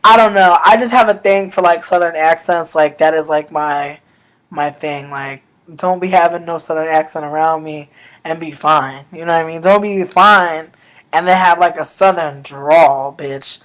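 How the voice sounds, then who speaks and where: A man with telling a story to viewers in a casual vlog, animated and slangy, swinging between loud bursts and low mutters. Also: moderate pace, rough recording. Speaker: vlogger.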